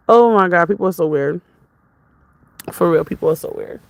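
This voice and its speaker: A woman's voice: on the low side, moderate pace, vocal fry, dry recording, low-quality recording. A woman vlogger in casual, rambling chat with her viewers, jumping from topic to topic. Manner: jumps from topic to topic, chatty, laughs often.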